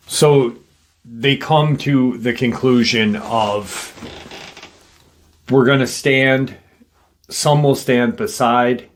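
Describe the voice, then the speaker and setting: A man casually retelling a listener's paranormal encounter story in an unhurried, conversational way, with fillers and swearing. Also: mid-range voice.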